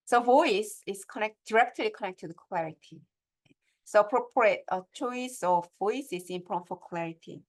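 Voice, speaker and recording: A woman's voice: mid-range voice, normal speed. A middle-aged woman gives a step-by-step lecture on academic writing and keeps checking in with her audience through questions.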